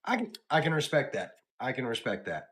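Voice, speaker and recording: A man hosting a casual wrestling podcast, animatedly retelling match highlights and chatting with his co-hosts. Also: huge pitch swings, brisk, fairly bright tone. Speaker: podcast host. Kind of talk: casual wrestling recap chat.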